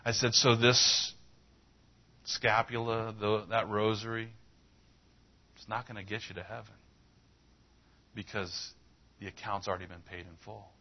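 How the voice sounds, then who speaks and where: Low-voiced male pastor preaching. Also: flat delivery, a little slow, long pauses, highs cut off. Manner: conversational, retells dialogue with rising emphasis. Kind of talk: sermon with a storytelling anecdote.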